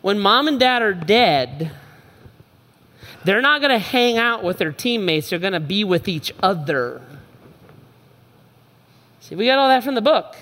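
Animated high-voiced preacher telling stories. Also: male voice, a little slow, pauses often, in a large hall. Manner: storytelling with acted-out voices of his kids; preacher's swings from shouting to soft and low. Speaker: pastor. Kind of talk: sermon.

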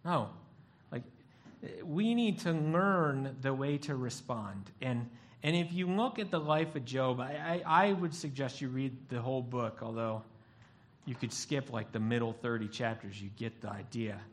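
A man's voice: mid-range voice, unhurried. A male pastor giving a sermon, telling stories and acting out the voices of the people in them. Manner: animated storytelling, acts out voices.

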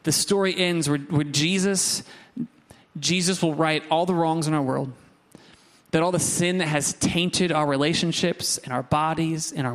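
A man preaching a sermon, lively and conversational, with asides to the congregation. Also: fairly high pitch. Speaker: pastor.

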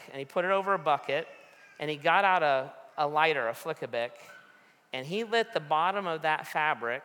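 A man, a pastor, telling a story from the pulpit in a sermon, acting out the dialogue with lively energy. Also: on the high side. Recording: long reverb of a large hall.

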